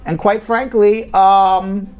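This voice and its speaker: A male talk show host with a lively, joking manner, trading quips with his co-host. When he turns to the news, he slows into a measured, explanatory delivery. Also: sits high, highs cut off, a little hiss or hum. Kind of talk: casual chat and news commentary.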